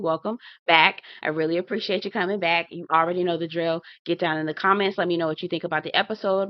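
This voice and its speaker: A woman's voice: on the low side, no room sound, highs cut off. A woman giving casual commentary to her viewers, talking to them directly and acting out her own reactions. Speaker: TV reality show reviewer.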